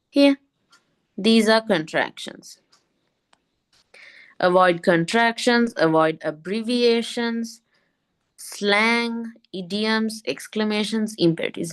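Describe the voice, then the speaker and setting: A woman teaching an English lesson online, often repeating a point and asking quick checking questions. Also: mid-range voice.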